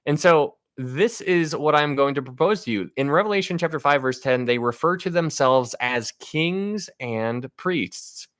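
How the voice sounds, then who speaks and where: A man's voice: a little high, a little slow, hardly any pauses, a bit bright, no room sound, studio quality. A man giving a casual Bible teaching on a livestream, speaking to viewers with enthusiasm and frequent restarts.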